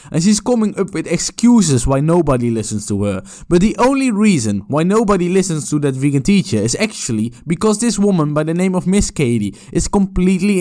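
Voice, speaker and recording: A man's voice: a little high, mellow. A man giving mocking, profane reaction commentary on a video clip. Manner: sarcastic, profane and scornful.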